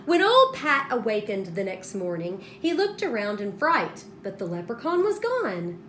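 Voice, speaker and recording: A woman teacher reading a storybook aloud to students in an expressive way, stopping to ask them questions. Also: mid-range voice, slight background noise. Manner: slow, expressive, pauses to prompt students.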